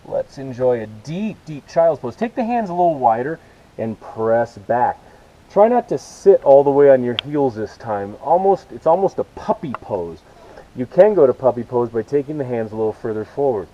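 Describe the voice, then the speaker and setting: A man leads a yoga session with a mellow, warm tone, giving calm, encouraging cues and easygoing asides. The sound is a little dull, with faint hiss behind him. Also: mid-range voice. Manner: relaxed, encouraging cueing with self-aware asides. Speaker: yoga instructor. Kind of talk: guided yoga class cues. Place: outdoors with rain and hummingbirds about.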